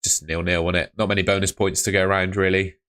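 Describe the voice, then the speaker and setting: Low-voiced laid-back man streaming. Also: level tone, quick pace, fairly bright tone, clean tone. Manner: laid-back, chatty, reads viewer messages aloud. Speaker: fantasy football streamer. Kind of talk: casual live-stream chat reading comments.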